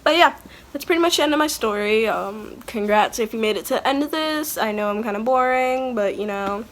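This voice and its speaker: A woman's voice: on the high side, lively intonation, a little fast, a little hiss or hum. A young woman vlogger telling a story in a chatty, candid way, full of "like" and blunt asides. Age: young adult. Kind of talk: casual storytime. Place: at home, kids nearby.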